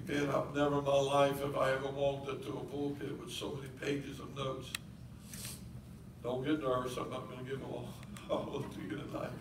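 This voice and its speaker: A man's voice: mid-range voice, noisy background. Preacher man in echoey church. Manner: building to shouted preaching with dropped-g country grammar. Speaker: pastor. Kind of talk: sermon. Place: church sanctuary. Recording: echoey church heard from far off.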